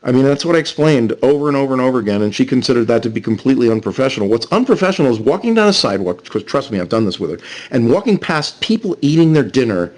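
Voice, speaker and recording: A man's voice: mid-range voice, rapid-fire, few pauses. A man ranting scornfully over a voice call, repeating himself as he goes on. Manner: animated, repetitive, scornful rant. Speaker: streamer on a voice call.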